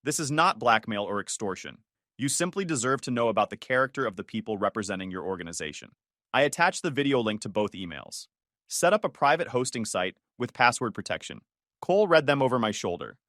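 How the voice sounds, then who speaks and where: A man calmly narrating a first-person revenge story in a matter-of-fact way. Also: mid-range voice, brisk, no room sound, studio quality.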